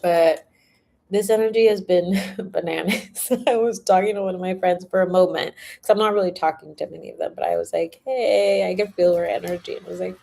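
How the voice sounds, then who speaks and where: A woman's voice: fairly low pitch, steady tone, a little fast, creaky, dark tone. A young woman reading tarot on a livestream in casual chat, laughing often and swearing freely. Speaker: tarot reader.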